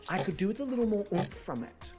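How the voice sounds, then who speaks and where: Over soft background music, a young man talks fast with lively intonation in a high-sitting, darkish voice. Hosting a model-show game, he keeps the commentary casual, campy and self-mocking, swearing a lot.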